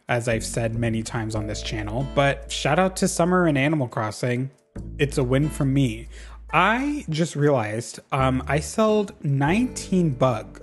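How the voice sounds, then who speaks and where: A man giving casual gameplay commentary as a YouTuber, chatty and excitable, laughing often. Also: medium pitch. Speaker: gaming YouTuber.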